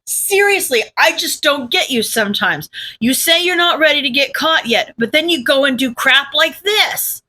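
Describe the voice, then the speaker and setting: A woman voicing a hot-tempered, foul-mouthed teenage boy who yells scornful insults. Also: high voice, animated, moderate pace.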